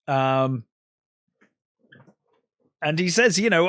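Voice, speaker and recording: A man's voice: fairly high pitch, expressive, takes it slowly, pauses often, fairly bright tone, no room sound, studio quality. A man co-hosting a film podcast, casually retelling scenes with lots of fillers. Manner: retells scenes with acted quotes, many fillers. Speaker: podcast co-host.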